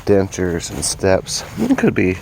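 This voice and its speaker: A man's voice: sits low, huge pitch swings, takes it slowly, vocal fry, a little mellow, slight background noise. A man vlogging while walking through the woods, rambling and musing as he points things out. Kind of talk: casual outdoor vlog. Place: woods outdoors.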